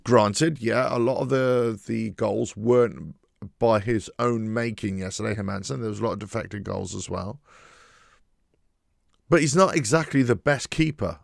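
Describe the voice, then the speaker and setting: A man's voice: fairly low pitch, moderate pace, vocal fry, no room sound, studio quality. A man hosting his own football channel, giving an emphatic, frustrated solo commentary. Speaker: football fan channel host.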